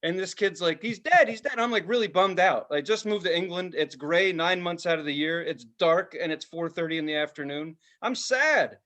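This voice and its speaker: Here the same sort of man in his forties talks at a normal speed, his voice a little high and his pauses rare. Co-hosting a relaxed podcast, he tells lively stories packed with swearing and acted-out lines.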